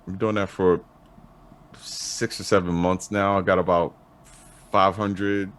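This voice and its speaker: A man talking as an interview guest in casual chat, laid-back and halting, swearing casually. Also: low voice, little pitch movement, fairly bright tone. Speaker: interview guest, clothing designer.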